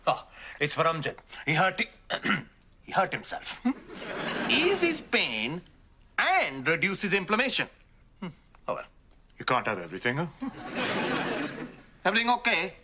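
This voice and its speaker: A man's voice: high voice, wildly swooping pitch, a little slow, long pauses, sharp tone, full character voice. An actor playing a boastful, bossy middle-aged British Pakistani father with a Pakistani accent, on a noisy sitcom soundtrack. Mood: fatherly. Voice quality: boastful, bossy, self-satisfied.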